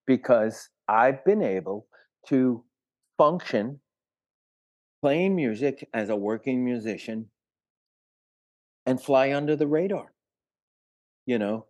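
A man's voice: medium pitch, expressive, takes it slowly, pauses often, darkish tone, dry recording, highs cut off. An older man, a retired musician, telling long stories in a casual interview, with many fillers and restarts. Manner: rambling, filler-heavy anecdotes.

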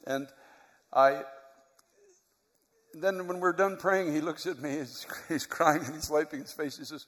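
A man's voice: fairly high pitch, normal speed, a bit bright. A middle-aged man preaching a sermon as a pastor, telling a story in an earnest, emotional way. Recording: long hall reverb.

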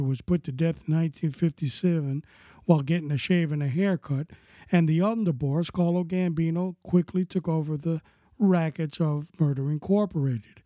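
A man narrating crime history in a casual, speculative storytelling way, with frequent conversational asides. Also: on the high side.

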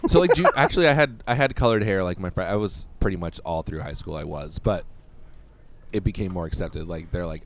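A man's voice: low-pitched, animated, fairly quick, slight background noise. A man co-hosting a podcast, telling rambling stories in casual chat and laughing often. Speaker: podcast co-host.

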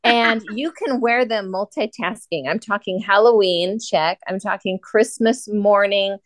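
A woman in her forties from Utah chats as a podcast guest, animated and playful, punching her points with emphasis. Her voice is mid-pitched and sits dry and close to the mic. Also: measured pace, no echo. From Salt Lake City, Utah. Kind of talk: casual storytelling chat.

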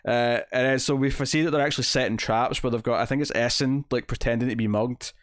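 A podcast co-host chats casually about comic books in a steady, medium-pitched voice at a quick pace. He rambles through fillers and restarts, slipping into acted-out quotes, and the sound is dry and close with no room echo.

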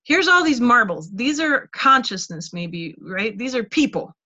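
A woman's voice: on the high side, big pitch swings, unhurried, pushed and bright, highs cut off. A woman giving a candid, conversational teaching talk and personal testimony, with casual restarts and frequent "like.". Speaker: speaker teaching healing tools.

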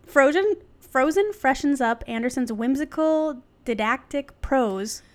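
A woman's voice: sits high, lively intonation, measured pace. A young woman co-hosting a casual podcast, reading an article aloud and breaking off for jokes and laughs. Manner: reads an article aloud with joking asides and frequent laughs. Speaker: podcast co-host.

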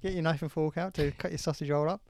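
A man co-hosting a casual chat show, joking and going off on quick tangents with crude humour. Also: fairly high pitch, fairly even intonation, gravelly, a little mellow, a little hiss or hum. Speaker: podcast co-host.

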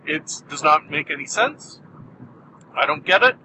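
A man hosting a solo podcast, talking in a wry, deadpan, self-mocking way with jumpy, animated delivery. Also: fairly high pitch, measured pace, slight background noise, poor audio. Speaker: podcast host.

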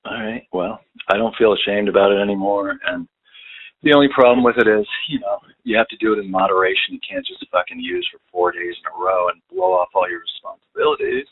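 A man's voice: on the low side, expressive, brisk, husky. Foul-mouthed man on a phone chatline. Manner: crude, swears a lot, rambling and self-pitying. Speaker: caller. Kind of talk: casual chat. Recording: tinny phone line.

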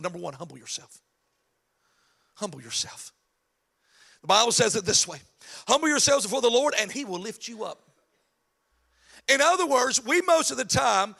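A man preaching a lively sermon, swinging from shouted, chanted lines to soft asides. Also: sits high, gravelly. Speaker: pastor. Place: church sanctuary.

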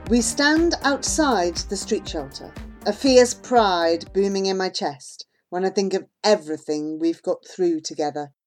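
A woman narrating an audiobook in an expressive, unhurried storytelling manner. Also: medium pitch, soft background music. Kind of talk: audiobook reading.

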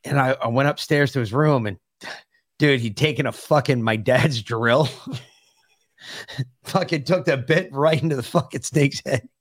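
A man's voice: mid-range voice, unhurried, long pauses, no room sound, studio quality. A man on a podcast, chatting casually, swearing freely and telling stories. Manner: profane, storytelling. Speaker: podcast guest. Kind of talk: casual chat.

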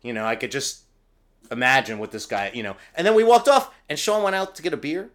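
A man from New Jersey, a comic book artist and podcast guest, talking loudly and excitedly in casual chat and swearing freely. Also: medium pitch, fairly quick. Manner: loud, excitable, swears a lot.

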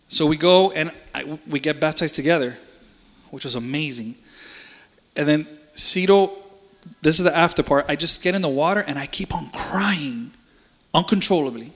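A man's voice: on the high side, moderate pace, a bit bright. Earnest man in an echoey hall. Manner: earnest and emotional, casual slang, repeats words. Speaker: church member giving a testimony. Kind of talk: personal faith testimony. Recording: reverberant hall.

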